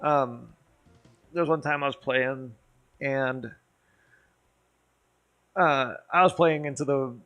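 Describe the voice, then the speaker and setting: A man's voice: mid-range voice, slow pace, long pauses, muffled recording, soft background music. A man streaming and telling a rambling, profane story over a few drinks, getting worked up as he goes. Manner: rambling, profane, animated when riled. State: drinking, tipsy. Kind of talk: casual storytelling chat.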